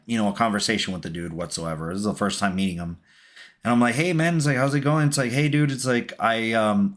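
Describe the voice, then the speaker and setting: A man's voice: medium pitch, fairly bright tone. A young man chatting loosely on a home livestream, telling a story in a rambling, filler-heavy way while he builds. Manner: loose, filler-heavy, says "dude" and "it's like" constantly. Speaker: livestream host building a Lego set.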